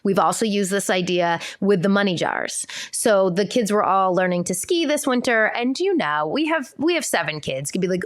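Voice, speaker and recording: A woman in her thirties hosting a podcast, talking in a casual, explanatory way with lots of "like" and lively quoted voices. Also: fairly low pitch, dry recording, studio quality. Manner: animated, quick shifts into acted-out quotes; chatty, filler "like" and restarts. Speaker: podcast host.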